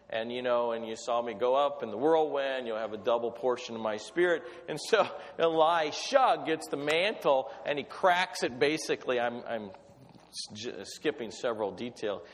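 A man preaching a sermon, telling Bible stories in a conversational way and acting out the voices of the characters. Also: medium pitch. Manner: storytelling with acted voices, conversational. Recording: long reverb of a hall.

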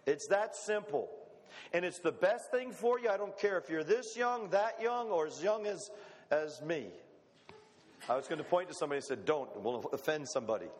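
A man's voice: on the high side, animated, normal speed. A middle-aged man preaching a sermon as pastor, folksy and conversational, full of rhetorical questions. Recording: long hall reverb.

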